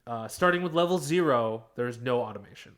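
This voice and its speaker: A man co-hosting a casual podcast, walking friends through his research in a halting way with many fillers. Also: mid-range voice, lively intonation, a bit bright. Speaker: podcast co-host presenting research.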